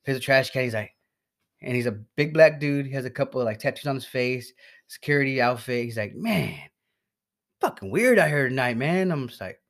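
A man's voice: medium pitch, brisk, a bit bright. A man telling a long, profane story in casual chat, stumbling over his words and laughing as he goes.

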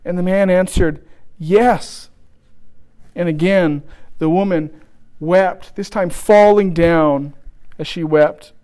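High-voiced man preaching a sermon. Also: steady tone, darkish tone, clean tone. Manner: storytelling with restarts, slowing for emphasis.

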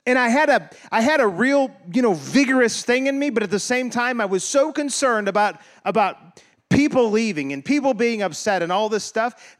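A man's voice: very high-pitched, expressive, normal speed. A man preaching a sermon as pastor, talking casually and animatedly, joking and laughing with his congregation, and acting out quoted voices.

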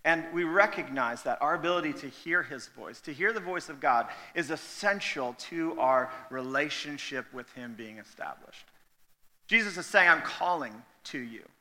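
A man's voice: on the high side, expressive, moderate pace, pushed and bright. A man in his thirties preaching a sermon in a church, conversational and joking but emphatic. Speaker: pastor. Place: church sanctuary. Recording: long hall reverb.

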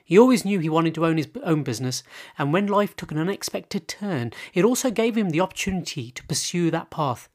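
A man's voice: fairly high pitch, animated, fairly quick. A man hosting a podcast. He reads out his guest's introduction and talks in an upbeat way. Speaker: podcast host.

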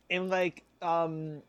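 A young man co-hosting a podcast, telling a workplace story in casual chat, lively and acting out what others said. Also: a little high, dry recording. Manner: animated, acts out quoted voices, laughs often. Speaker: podcast co-host.

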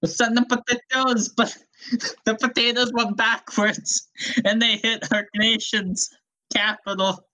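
An excitable, chaotic man who keeps breaking into laughter, as a woman improvises him. His voice is bright, sharp and fairly high, and it bounces between alarm and glee. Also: a little slow, rough recording. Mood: giddy. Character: excitable Irish potato-obsessed acid man. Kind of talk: improvised comedy role-play.

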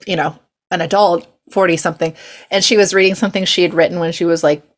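A woman's voice: lowish voice, steady tone, fast talker. A young woman from California hosting a podcast, chatting casually and giggling through a rambling story. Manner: chatty and giggly, lots of fillers and asides. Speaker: podcast host. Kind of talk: casual chat.

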